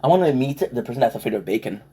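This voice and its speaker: A man talks through a casual eating vlog at an ordinary pitch. He rambles from joke to joke and keeps tripping over his words and restarting. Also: expressive, very fast, warm tone, breathy edge. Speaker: food vlogger.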